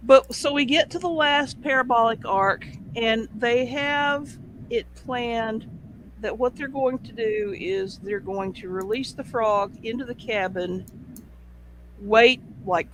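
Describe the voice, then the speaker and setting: A man host telling a casual anecdote, animated and full of vivid sound effects. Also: very high-pitched, slight background noise, poor audio.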